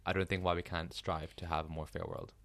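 A man's voice: sits low, flat delivery, a little fast, fairly bright tone, no room sound. A man co-hosting a podcast, chatting casually in a joking, eager way. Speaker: podcast co-host. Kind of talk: casual chat.

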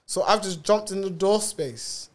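High-voiced young man. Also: a little slow. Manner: joking, playful, slangy. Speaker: podcast co-host. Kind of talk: casual chat.

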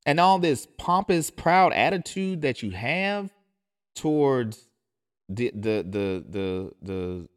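An emphatic male pastor talks straight to his podcast listeners at a mid-range pitch. He presses his points hard and keeps circling back to them. He often stumbles and restarts in his urgency. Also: animated, slow. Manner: emphatic, insistent, repeats and restarts phrases. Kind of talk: impassioned podcast monologue.

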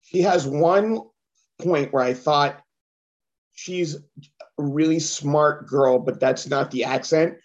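Joking higher-voiced man on a dull line. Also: takes it slowly, long pauses. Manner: joking, rambling, slips into impressions. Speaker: podcast co-host. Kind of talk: casual film discussion.

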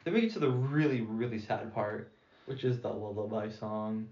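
A young man co-hosting a casual podcast, blunt and deadpan. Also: fairly low pitch, moderate pace. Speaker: podcast co-host. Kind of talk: casual chat. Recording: dull, roomy lo-fi audio.

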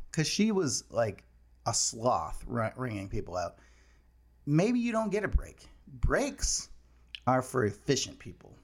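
Man, casual comedic monologue, storytelling, acts out quotes, gravelly, mid-pitched voice. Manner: storytelling, animated quoting of others. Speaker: host.

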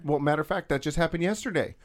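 A man's voice: a little high, rapid-fire. Joking, foul-mouthed male podcast host. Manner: joking, blunt, swears freely. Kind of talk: casual podcast chat.

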